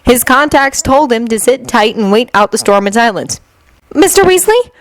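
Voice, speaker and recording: A woman reading a fan fiction story aloud in a steady, even audiobook narration. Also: on the high side, moderate pace, no room sound, rough recording.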